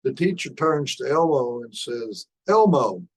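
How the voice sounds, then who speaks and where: An older man delivers a lecture at a measured, unhurried pace. His voice sits at an ordinary middle pitch, and he often pauses with an "uh" as he walks through the results. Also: poor audio. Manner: slow and deliberate, with frequent "uh" pauses. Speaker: conference speaker. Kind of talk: lecture presenting study results.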